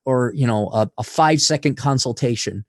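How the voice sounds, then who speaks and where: A man's voice: a little fast, dry recording. Brash, profane man, dry sound. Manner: brash and profane, swings loud then low. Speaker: podcast guest. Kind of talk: blunt conversational interview.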